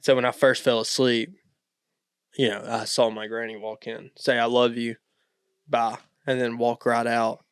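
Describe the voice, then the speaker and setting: A man's voice: medium pitch, moderate pace, clean tone, no echo, studio quality. A young man co-hosting a podcast, chatting casually and rambling through stories with lots of fillers. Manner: relaxed, rambling storyteller with many fillers. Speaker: podcast co-host. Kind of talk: casual chat.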